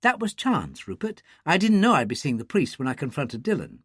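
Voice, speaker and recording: A man reading the part of a calm, theatrical actress who teases her companions in a dry way, in an audiobook. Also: a little high, a little fast, breathy edge, no echo, heavily acted. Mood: cool. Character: cool, theatrical female actress and killer.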